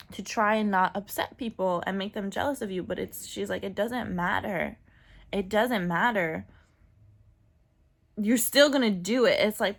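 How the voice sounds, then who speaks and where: A woman talking casually and candidly in a personal vlog, full of fillers and asides. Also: mid-range voice. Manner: chatty and candid, many fillers, laughs often. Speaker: vlogger.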